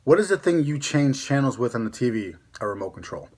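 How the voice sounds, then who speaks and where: A young man with a Connecticut accent talking casually to his viewers in a vlog. He rambles along in an easygoing way, full of fillers and restarts, at an average pitch. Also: sing-song, brisk. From Connecticut, USA. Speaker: vlogger. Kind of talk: casual chat to camera.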